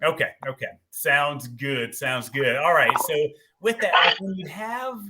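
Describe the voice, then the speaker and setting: A man hosting a casual live-stream show, upbeat and quick to agree. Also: on the high side, very noisy. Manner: upbeat, repeats yep and agreed. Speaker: host of a live tailgating show.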